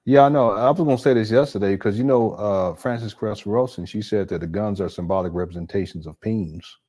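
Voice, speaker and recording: A man's voice: lowish voice, fairly quick, darkish tone. A man hosting a live stream, reacting to a clip with incredulous exclamations and talking to his chat. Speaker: live-stream commentary host.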